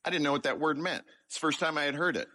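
A man's voice: a little high, fairly even intonation, very fast, bright, forceful tone. A man giving a sermon-style testimony about his childhood, telling it with humour and poking fun at himself. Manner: humorous, self-deprecating storytelling. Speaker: speaker sharing his life story.

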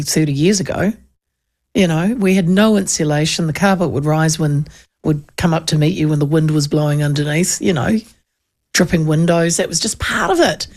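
A woman's voice: fairly low pitch, darkish tone. A middle-aged woman with a New Zealand accent, hosting a show and telling stories in a chatty way, laughing often. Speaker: radio host. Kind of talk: casual chat.

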